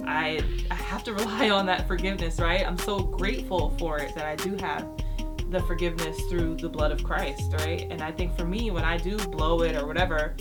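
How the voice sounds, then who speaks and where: A woman's voice: fairly low pitch, steady tone, brisk. A woman co-hosting a youth devotional, speaking in an affirming, confessional, casual way. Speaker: youth pastor, co-host. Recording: music loud behind voice.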